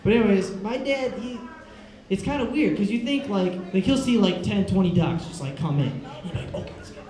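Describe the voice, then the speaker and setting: A young man performing a rambling, excitable stand-up set in front of a live audience. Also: high voice, normal speed. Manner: rambling, excitable, loose and casual. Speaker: stand-up comedian. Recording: echoey room with crowd audible.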